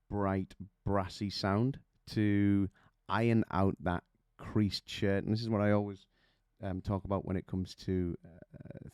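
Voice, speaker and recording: A man's voice: fairly low pitch, dark tone, clean tone, dry recording, clean studio sound. A man coaching singers, explaining vocal technique with images and questions to the listener.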